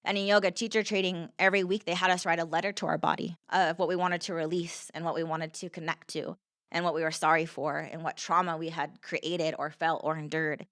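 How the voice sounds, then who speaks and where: A woman's voice: deep voice, flat delivery, fairly quick, a bit bright, dry recording, studio quality. Earnest young woman telling her story. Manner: earnest, repeats herself, many "like" fillers. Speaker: podcast guest. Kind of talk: conversational storytelling.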